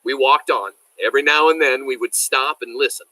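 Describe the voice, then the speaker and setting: A man reading a novel aloud as a teacher, animated and enthusiastic, stopping to explain words to his listeners. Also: medium pitch, brisk, dry recording, low-quality recording.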